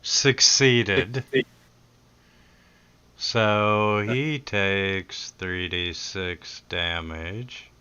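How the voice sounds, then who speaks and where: Very slow-talking male game master. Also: deep voice, fairly even intonation, pushed and bright, clear, resonant tone. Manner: halting, with many filler sounds. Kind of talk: running a tabletop game online. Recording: dull lo-fi recording.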